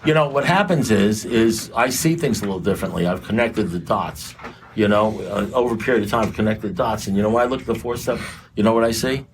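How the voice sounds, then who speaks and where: Man, recovery meeting speaker, lowish voice, blunt and profane, rambling restarts, meeting room, faint background noise. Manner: blunt and profane, talks straight to the audience.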